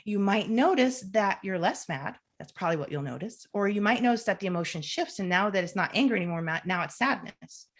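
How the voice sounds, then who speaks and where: Animated woman explaining with acted self-talk. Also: medium pitch, brisk, few pauses. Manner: trails off and restarts sentences. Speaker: clinical social worker guest. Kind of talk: podcast interview.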